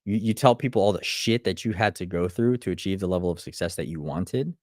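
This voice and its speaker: Speaking quickly in a fairly low, slightly mellow voice, this man delivers a blunt, profane motivational talk live. He pounds his audience with rhetorical questions and stumbles over restarts when he's fired up. The audio is close and dry, free of room echo.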